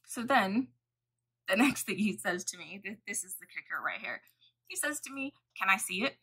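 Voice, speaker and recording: Woman makeup vlogger, husky and bright, swears freely, chatty home tutorial. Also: mid-range voice, very animated, moderate pace, low-quality recording. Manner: chatty, profane storytelling. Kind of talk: casual makeup tutorial chat.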